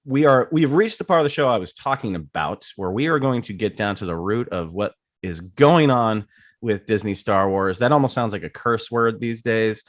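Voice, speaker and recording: A man's voice: lowish voice, expressive, normal speed, no echo, clean studio sound. A man hosting a casual podcast, rambling and swearing freely as he trails through his thoughts. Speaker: host.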